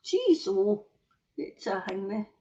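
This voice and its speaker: Through dull lo-fi stream audio comes a Scottish woman's warm, mid-range voice, sing-song with drawn-out words. Hosting a livestream, she rants angrily and swears heavily while reading viewer comments aloud.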